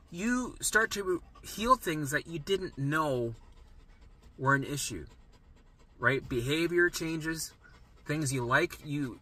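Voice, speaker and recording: A man's voice: medium pitch, bright, forceful tone, husky. A middle-aged man coaching listeners on recovery in an emphatic monologue, often tagging sentences with "right?" and swearing casually. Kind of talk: motivational monologue.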